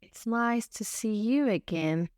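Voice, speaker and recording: A woman teaching English, reading short everyday phrases one at a time with careful, deliberate enunciation and pauses between them. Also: fairly high pitch, lively intonation, darkish tone, clear, resonant tone, no echo, clean studio sound. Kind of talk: slow phrase-by-phrase reading for learners.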